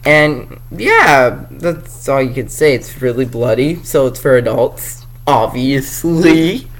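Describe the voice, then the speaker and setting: A male vlogger chatting casually about comics, excitable and jokey, rambling from one thought to the next. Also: mid-range voice, slow pace, slight background noise, rough recording. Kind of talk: casual review chat.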